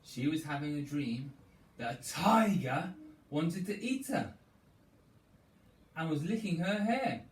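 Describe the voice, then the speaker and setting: Animated man leading a kids' story yoga class. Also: fairly high pitch, slow pace, pauses often, a little hiss or hum. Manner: playful, animated, coaxing children along. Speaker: children's yoga instructor. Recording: echoey room, distant mic, faint ambience.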